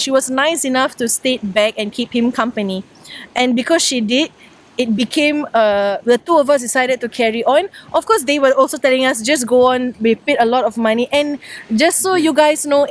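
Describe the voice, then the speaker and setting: A young woman, co-hosting a casual podcast chat and eager to tell her own story. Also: sits high. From Singapore. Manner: chatty, quick to correct and take over the story. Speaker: podcast co-host. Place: outdoors.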